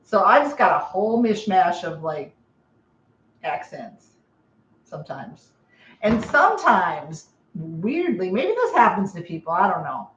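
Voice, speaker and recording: A woman's voice: fairly low pitch, sing-song, measured pace, slight background noise. Chatty Midwestern woman, roomy lo-fi sound. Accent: Midwestern with a touch of Texan. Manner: chatty, playful, rambling. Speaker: co-host of a live stream. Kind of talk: casual chat.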